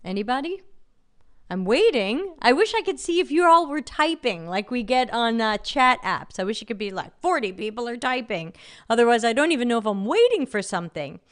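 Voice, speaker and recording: A woman's voice: on the high side, expressive, fairly quick. A woman with a light New York accent hosting a live stream, reading out chat comments and giving blunt, sardonic commentary. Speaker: livestream host.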